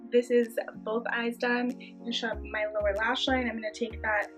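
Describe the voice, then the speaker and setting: A woman beauty vlogger narrating a casual makeup tutorial in a chatty way, gushing with quick exclamations over the shades. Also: a little high, flat delivery, fairly bright tone, soft background music.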